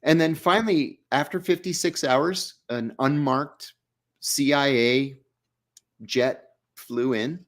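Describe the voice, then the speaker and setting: A man's voice: medium pitch, slow. Man telling a tense first-person story. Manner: vivid first-person storytelling, acting out dialogue. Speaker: guest. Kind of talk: storytelling in an interview.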